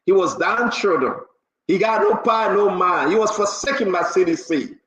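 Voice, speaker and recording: A man hosting a live talk show, reading out viewer names and growing loud and animated. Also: high voice, moderate pace, reverberant, low-quality recording. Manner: animated, rising to loud exclamations. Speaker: livestream talk show host.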